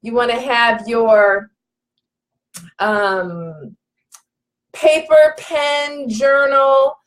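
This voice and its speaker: A woman hosting a live online broadcast, effusive and welcoming, greeting viewers by name and repeating her words. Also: medium pitch. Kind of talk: live-stream talk to viewers.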